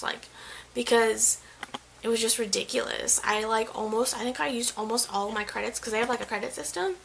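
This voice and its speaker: A young woman tells a frustrating story straight to the camera in a loose, chatty vlog style. Her voice sits a little high, with plenty of vocal fry at the ends of phrases, and she keeps slipping into quoted back-and-forth. A faint hiss sits under the voice. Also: normal speed, fairly bright tone, low-quality recording. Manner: chatty, heavy use of "like", quotes others mid-story; frustrated, venting. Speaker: vlogger.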